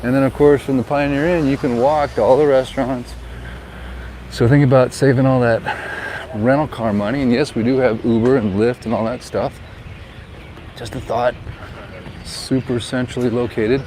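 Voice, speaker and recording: A man's voice: medium pitch, moderate pace, rough recording. Chatty man vlogging outdoors. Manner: chatty, relaxed tour-guide commentary. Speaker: vlogger and real estate agent. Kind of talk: casual walking vlog narration. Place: outdoors by a harbor and town street. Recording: outdoor street noise.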